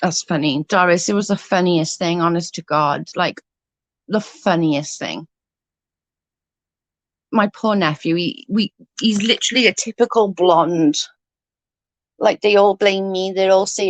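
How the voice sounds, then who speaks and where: A woman's voice: lowish voice, unhurried, long pauses, no room sound. A middle-aged woman, chatting casually on a livestream and telling funny family stories, laughing often and swearing freely. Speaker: livestream host. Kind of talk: casual storytelling chat.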